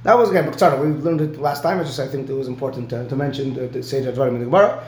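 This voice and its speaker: A man's voice: medium pitch, racing, echoey room. A man giving a one-on-one Talmud lesson, explaining step by step and often checking in with "right?". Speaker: Talmud teacher.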